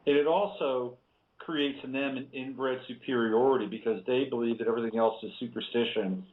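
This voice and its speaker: A man's voice: mid-range voice, steady tone, brisk. A man hosting a radio interview, agreeing readily and adding his own views, heard over a tinny phone line. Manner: agreeable, with frequent affirmations. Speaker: radio host.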